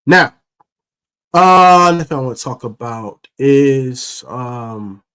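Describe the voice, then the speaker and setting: A man hosting a fan sports show, ranting in a casual, slangy, animated way about his team. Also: mid-range voice, slow, clear, resonant tone. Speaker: sports podcast host. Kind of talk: casual fan commentary rant.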